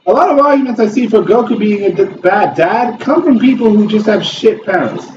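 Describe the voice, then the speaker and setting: A man's voice: sits high, lively intonation, a little fast, echoey room, far from the mic, lo-fi sound, background noise. A man hosting a gaming video, ranting in heated, profane commentary while he plays. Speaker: gaming channel host.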